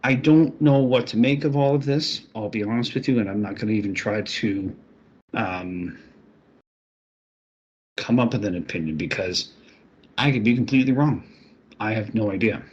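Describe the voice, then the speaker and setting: A man's voice: on the low side, normal speed, pauses often, darkish tone, breathy edge. A man speaking bluntly and swearing in casual chat on an online call. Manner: blunt, swearing, hesitant opinions. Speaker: participant in an online hangout. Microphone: online call mic. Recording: dull call audio with faint hiss.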